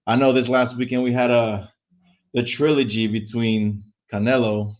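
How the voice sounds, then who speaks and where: A man co-hosting a casual sports chat show, relaxed and easygoing, often trailing off into filler words. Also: mid-range voice, moderate pace. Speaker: co-host.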